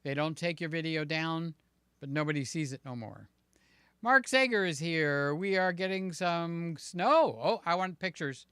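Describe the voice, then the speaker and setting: A man hosting a live stream, chatting casually and warmly greeting his viewers by name. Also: on the high side, animated, a little slow, clean tone, no echo, studio quality. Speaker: livestream host.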